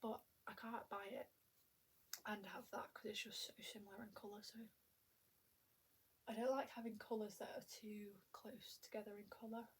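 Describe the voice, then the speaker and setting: Her voice sits at medium pitch with a steady tone, a moderate pace and a breathy edge. At home, the young woman rambles to her tablet camera in a chatty, self-mocking way, a little out of breath and often half-whispering.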